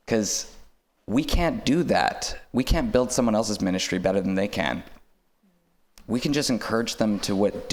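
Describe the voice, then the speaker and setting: A man with a very low voice speaks earnestly on a panel. Gravel creeps into his tone as he repeats his point carefully. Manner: earnest, self-correcting, repeats key points.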